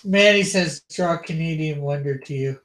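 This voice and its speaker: A man's voice: fairly high pitch, normal speed, fairly bright tone. A man chatting loosely on a live drawing stream. He reads viewer comments aloud, teases, and laughs easily. The stream is casual and unscripted, with faint background hiss. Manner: laughs often. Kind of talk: casual chat.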